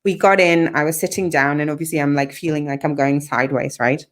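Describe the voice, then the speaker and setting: A woman guest on a podcast, telling a personal story in a lively, conversational way and acting out what others said. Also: sits low, brisk. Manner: animated, acts out quoted dialogue, laughs often.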